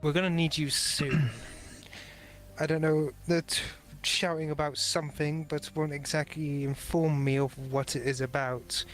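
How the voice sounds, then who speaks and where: A man runs a tabletop game as game master, narrating slowly and deliberately. His voice sits a little high. Faint music plays underneath. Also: little pitch movement.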